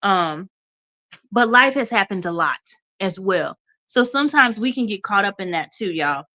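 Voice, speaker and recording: A woman's voice: mid-range voice, animated, moderate pace, sharp tone, lo-fi sound. A woman hosting a radio show, giving an encouraging motivational talk and calling her listeners y'all, a little stuffy. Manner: encouraging, addresses listeners as y'all, repeats okay.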